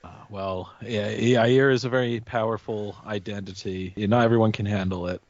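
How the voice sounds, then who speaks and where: A man co-hosting a comedic podcast with a dry, deadpan delivery. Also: lowish voice, normal speed, no echo, muffled recording. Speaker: podcast co-host.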